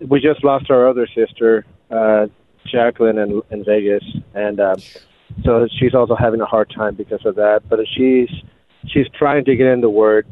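A man's voice: fairly low pitch, fairly even intonation, normal speed, no echo. Hesitant male caller over a phone line. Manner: hesitant, many fillers, clears throat.

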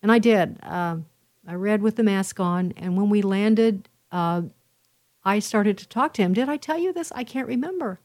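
A woman's voice: mid-range voice, normal speed. A woman host talking straight to her listeners in a casual monologue, telling stories with emphatic repetitions. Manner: animated storytelling, emphatic repetitions.

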